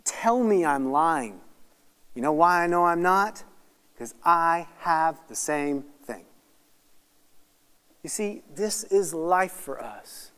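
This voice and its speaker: An animated man leads a Bible study in a lively teaching style. His voice sits high, and his delivery swings between hushed, earnest lines and loud, rapid, excited asides. The sound carries the long reverb of a hall. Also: clear, resonant tone. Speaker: guest speaker at a Bible study. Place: church hall or meeting room.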